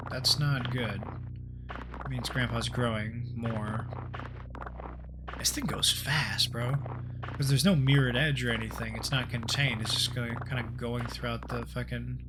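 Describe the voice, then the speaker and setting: A man's voice: mid-range voice, steady tone, measured pace, noisy background. A man streaming a horror game, reading its story text aloud and joking casually as he plays. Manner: casual and jokey, with swearing asides. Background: game music.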